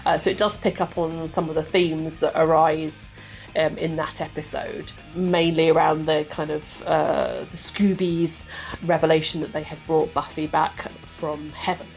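A woman's voice: low-pitched, level tone, unhurried, gravelly, a little mellow, faint music behind. A woman chatting enthusiastically as a guest, laughing often. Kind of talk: casual chat.

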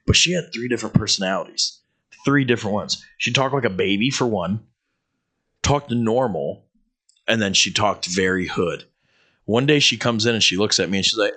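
A man's voice: fairly low pitch, normal speed, slightly rough. A man co-hosting a podcast, telling crude workplace stories with lots of laughter and acted-out quotes. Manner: animated, profane, laughs often, acts out quotes. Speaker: podcast co-host. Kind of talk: crude casual storytelling.

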